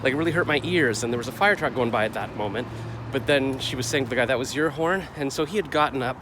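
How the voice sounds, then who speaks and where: A middle-aged man talks to his camera in a loose, rambling vlog, second-guessing himself as he goes. His voice sits at an ordinary pitch for a man. Traffic and city noise carry clearly behind him. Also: fast talker. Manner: rambling, self-questioning, gets heated retelling the clash. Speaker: vlogger. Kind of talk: casual confessional vlog.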